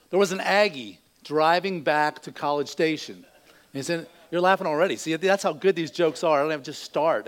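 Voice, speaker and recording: High-voiced folksy preacher. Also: male voice, fairly bright tone. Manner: folksy storytelling, acts out voices in jokes. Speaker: pastor. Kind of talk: sermon with a joke.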